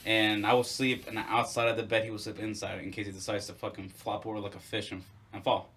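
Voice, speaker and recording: Guy with a bright forceful voice cracking up while he tells a story, swears a lot, just chatting. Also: fairly low pitch. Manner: laughing storyteller, profane. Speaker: podcast co-host. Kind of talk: casual chat.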